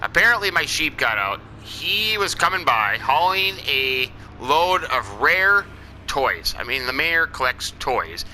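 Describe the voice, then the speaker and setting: A man whose voice sits on the high side, pushed and bright, sounds very animated yet keeps a measured pace. He's a let's-player in character as a farmer, giving folksy, rambling commentary over a farming game with lots of "I tell ya" and "you know." The low-quality recording carries a little hiss or hum.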